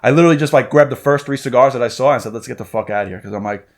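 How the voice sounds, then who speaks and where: Man, thirties, podcast host, casual profane chat, animated storytelling, acts out quotes. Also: mid-range voice, racing. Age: 30s.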